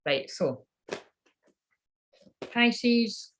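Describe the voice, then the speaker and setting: A woman's voice: a little high, lively intonation, drawn-out words. A woman giving a psychic reading in a casual, rambling monologue. She swears freely and laughs at her own jokes. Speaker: psychic reader channeling messages.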